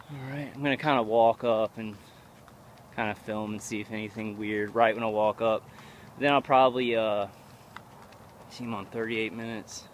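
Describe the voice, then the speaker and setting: A man vlogging while he walks outdoors at night, speaking in a rambling, halting way with many restarts into a handheld camera. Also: medium pitch, a little hiss or hum. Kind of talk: casual walking vlog monologue.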